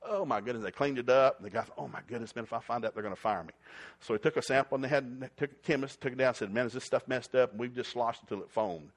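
A man's voice: mid-range voice, quick pace. A male preacher, telling stories in a sermon and acting out quotes and sound effects. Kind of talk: storytelling sermon.

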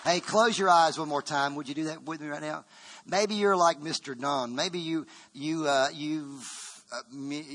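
A man's voice: fairly high pitch, fairly bright tone. A man preaching a sermon to his congregation as pastor, fervent, often restarting and repeating words.

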